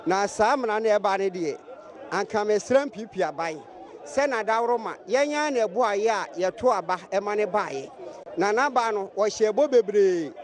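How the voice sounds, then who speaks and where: A man's voice: sits high, lively intonation, moderate pace, a faint crowd. A Ghanaian man interviewed at a busy outdoor station, earnestly appealing to the government. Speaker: interviewee driver. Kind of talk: vox-pop street comment.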